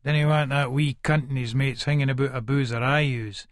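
A man's voice: medium pitch, steady tone, a little fast, no room sound, clean studio sound, lightly acted. A man voicing a menacing Edinburgh hard man. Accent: Edinburgh Scots. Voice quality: coarse, swearing, menacing. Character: volatile hard-drinking Leith man in middle age. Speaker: first-person narrator. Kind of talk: full-cast audiobook narration.

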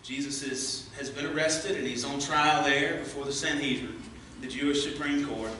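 A man preaching a sermon as pastor, earnest, rising as he reads scripture and hushed in prayer, recorded in a church sanctuary. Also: medium pitch, steady tone, moderate pace, far from the mic, slight background noise. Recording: echoey church from afar.

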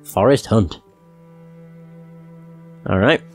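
A man's voice: on the low side, very slow. A man hosting a let's play, reading game text aloud with chatty, amused asides. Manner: chatty, amused asides between read passages. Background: faint game music.

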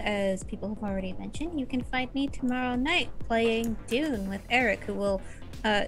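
Woman game storyteller, higher voice, chatty wrap-up with lots of "uh"s. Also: fairly bright tone. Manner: chatty, with frequent "uh" fillers. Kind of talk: casual sign-off of a streamed tabletop game.

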